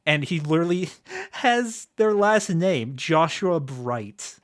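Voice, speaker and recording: A young man co-hosting a casual podcast chat, recapping in a halting way full of fillers. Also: on the high side, expressive. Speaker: podcast co-host.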